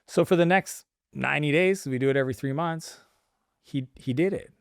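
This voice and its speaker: A man's voice: on the high side, normal speed, creaky, smooth, no echo, clean studio sound. A man in his forties, a guest on a podcast, talking casually and acting out bits of dialogue as he tells stories. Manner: animated storytelling, acts out dialogue. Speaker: guest entrepreneur.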